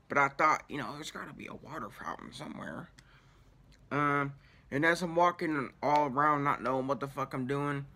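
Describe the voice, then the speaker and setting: A man's voice: medium pitch, pushed and bright. A man telling a story casually, in rambling, profanity-heavy slang. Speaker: vlogger.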